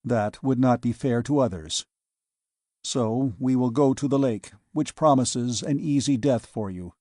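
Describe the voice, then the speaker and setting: A man reading an audiobook, voicing a cold, determined man who speaks in grim, forceful declarations. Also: medium pitch, measured pace, no echo, studio quality, natural voice. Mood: grim resolve.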